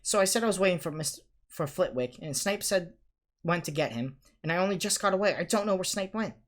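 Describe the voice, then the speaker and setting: A man doing a high, anxious schoolgirl. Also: lively intonation. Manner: high, wailing and brisk.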